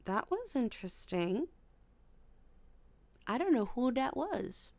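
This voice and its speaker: A young woman hosting a casual livestream from her bedroom at night, startled, sometimes hushed and humming melodies high. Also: very animated, slow, vocal fry, dry recording. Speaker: livestream host.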